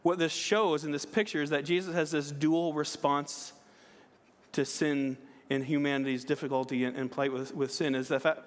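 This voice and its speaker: A man with a fairly high voice preaches in a church sanctuary. He talks conversationally, with frequent restarts and a checking "right?". Long reverb from the hall trails behind him. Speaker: pastor. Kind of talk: sermon.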